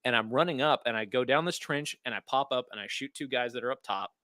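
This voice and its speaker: A man co-hosting a podcast, telling a story in an animated and profane way in casual chat. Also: mid-range voice, fast talker, no echo. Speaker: podcast co-host.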